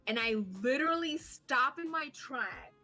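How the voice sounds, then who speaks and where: Female podcast co-host, bright and high-pitched, animated, swears and laughs at herself, faint music underneath. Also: measured pace. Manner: animated, swearing, self-mocking storyteller. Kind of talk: casual storytelling chat.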